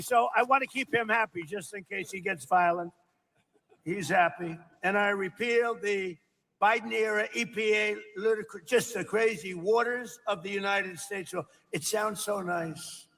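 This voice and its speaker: A man with a raised, gravelly voice gives loose, off-the-cuff remarks at a roundtable. He rambles, boasts and circles back to the same points. The sound carries a long reverb from a large room. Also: sits high, moderate pace, a bit bright. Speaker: politician speaking at a roundtable. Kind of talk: off-the-cuff speech.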